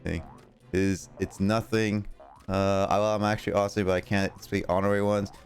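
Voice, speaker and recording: A young man with a fairly low voice chats loosely through a game stream. He rambles, reads viewer messages out loud and laughs often. Faint game music plays under him. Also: little pitch movement, normal speed. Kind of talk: casual live-stream chat while gaming.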